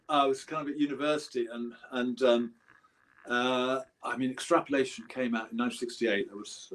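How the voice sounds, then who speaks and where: In a casual interview, a musician from England in his seventies rambles through anecdotes, often starting over. His voice sits at medium pitch with a fairly bright tone.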